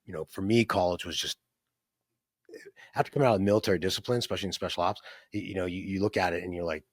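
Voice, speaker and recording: With a low voice and a rapid-fire delivery, this man in his fifties is recorded dry, with clean studio sound. He's an entrepreneur guest who rambles conversationally through his life story, restarting often, filling pauses, and regularly tacking on "right?"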